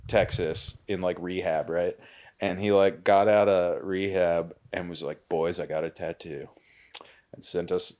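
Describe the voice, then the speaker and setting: A man's voice: low voice, a little mellow, smooth. A man co-hosting a podcast, chatting casually, rambling through a story with lots of swearing and laughter. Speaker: podcast co-host. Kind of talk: casual chat.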